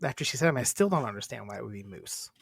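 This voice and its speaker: A woman's voice: a bass voice, lively intonation, racing, gravelly, husky, dry recording. Chatty podcast woman, dry close sound. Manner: chatty, reads lists aloud, laughs and jokes. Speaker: podcast co-host. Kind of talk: casual chat.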